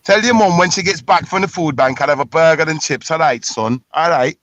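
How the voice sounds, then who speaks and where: A man's voice: a little high, a little fast, fairly bright tone, dry recording, lo-fi sound. A man with a London accent hosting a heated online argument, taunting and jeering with repeated insults. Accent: London English. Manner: taunting, combative, repetitive jeers. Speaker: stream host.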